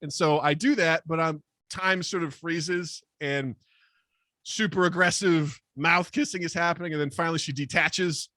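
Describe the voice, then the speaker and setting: A man spins a comic story in casual podcast chat, lively and self-deprecating, jumping into little voices for the people in it. His voice sits a touch high for a man and comes across bright and forceful, recorded close and dry. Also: moderate pace, no room sound.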